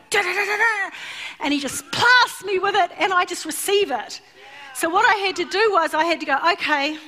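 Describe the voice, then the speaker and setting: A middle-aged woman preaching a sermon in church, telling stories animatedly and acting out the voices. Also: sits high. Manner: animated storytelling, acts out voices. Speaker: church speaker.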